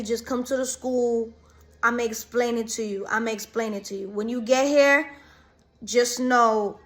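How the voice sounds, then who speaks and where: A young adult woman casually telling a storytime, animated and slangy, rambling quickly through events. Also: a little high. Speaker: vlogger.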